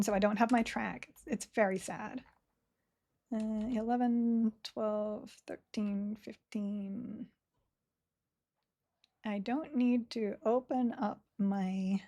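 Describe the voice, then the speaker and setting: A woman with a warm, mid-range voice streams an online game and chats casually with her audience. She talks slowly, slurring her words together, laughs often, and reads the chat out loud.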